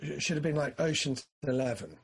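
A man chatting casually about films, rambling and animated, sometimes acting out his own excitement. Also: fairly high pitch, a little fast, vocal fry, slightly rough. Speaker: film discussion co-host. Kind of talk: casual chat.

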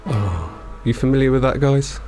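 A man's voice: medium pitch, animated, normal speed, vocal fry, over music. A man of forty hosting a casual podcast chat, rambling with lots of fillers and restarts. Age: 40s. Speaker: podcast host.

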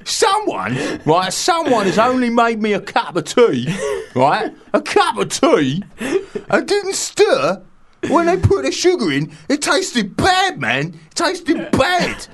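A man voicing a furious Cockney geezer who rants about small grievances with loud, laughing outbursts on a radio show. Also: extremely high pitch, huge pitch swings, slow pace, pitched above the performer's own voice, full character voice. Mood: ranting. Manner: ranting, loud bursts, laughs through it. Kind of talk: comic character bit on radio.

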